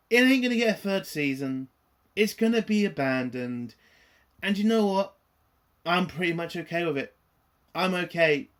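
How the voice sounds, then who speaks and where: A man ranting through a TV episode review, profane, exasperated and sarcastic. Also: on the high side.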